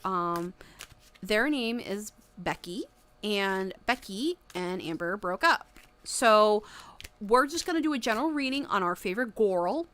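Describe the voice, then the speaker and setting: A young woman giving tarot readings on a casual livestream, rambling with lots of fillers and breaking into excited laughter now and then. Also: mid-range voice, a little hiss or hum.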